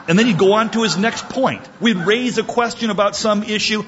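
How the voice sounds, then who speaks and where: A man's voice: sits high, expressive, a little fast, hardly any pauses, fairly bright tone, highs cut off. A male pastor preaching a sermon, telling a story with emphatic delivery.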